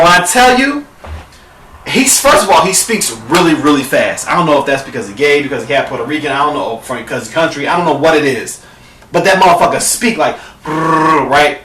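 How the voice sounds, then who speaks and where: Bright-voiced young man ranting a story. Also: a little high, recorded from a distance. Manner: profane, dramatic, addresses viewers as girl; bursts into shouting at peaks. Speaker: vlogger. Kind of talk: animated storytelling rant. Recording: echoey room, off the mic.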